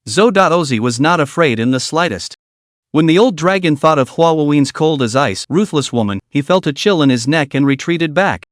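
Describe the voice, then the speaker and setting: Dry, higher-pitched male narrator. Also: lively intonation, normal speed, dry recording. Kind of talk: scripted story recap narration.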